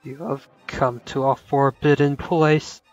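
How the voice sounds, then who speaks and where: A player reading game dialogue aloud, voicing a menacing dark god of a shadow realm in a slow, low, quietly threatening way. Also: steady tone, no room sound, muffled recording, faint music behind, close to an everyday voice.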